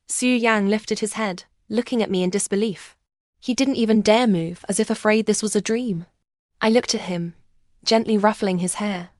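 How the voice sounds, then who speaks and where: A woman tells a first-person romance story in a calm, emotional narrating voice. Her pitch sits in the middle range for a woman. The recording is dry, with no room sound. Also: moderate pace, no echo.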